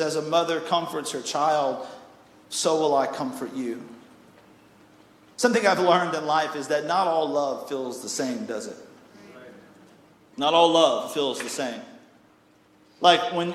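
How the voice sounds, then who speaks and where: A young man preaching a sermon as pastor, telling stories in an animated, joking way and acting out voices, sometimes rising to near shouts. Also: a little high. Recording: echoey hall with long reverb.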